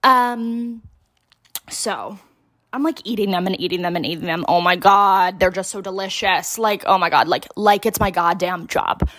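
A woman's voice: medium pitch, normal speed, dry recording, clean studio sound. A young woman from Connecticut telling a funny story in a casual, dramatic way, full of filler words and swearing. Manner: animated, dramatic, heavy use of filler words; swears freely.

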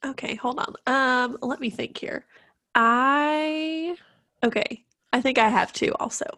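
A woman's voice: high-pitched, slow, pushed and bright, dry recording, studio quality. A woman, congested from allergies, co-hosting a casual podcast in a chatty, bubbly way. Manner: chatty, bubbly, says "like" often. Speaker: podcast co-host.

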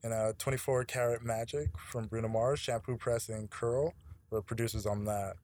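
A man's voice: medium pitch, fairly even intonation, normal speed, a little mellow. A man hosting a casual podcast, talking in a laid-back, slangy, profane way. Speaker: podcast host.

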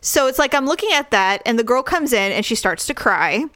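Animated, outspoken woman co-host. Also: on the high side, fairly quick, no echo. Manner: animated, swears, acts out quotes in raised voice. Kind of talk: casual chat reviewing a TV show.

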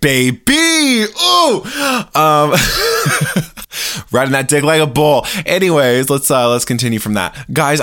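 A man's voice: medium pitch, fairly bright tone, dry recording, studio quality. Flamboyant joking male podcast host. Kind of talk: casual solo podcast monologue.

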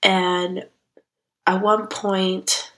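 A woman's voice: mid-range voice, little pitch movement, very slow, fairly bright tone, low-quality recording. A young woman hosting a solo self-growth podcast, talking in a chatty, heartfelt way that turns emotional. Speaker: podcast host. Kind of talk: casual solo podcast talk.

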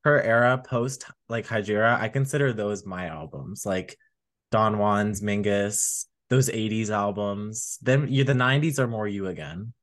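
A podcast co-host chats casually and rambles, leaning on lots of fillers. His voice is fairly low and fairly bright in tone, and he talks a little slowly.

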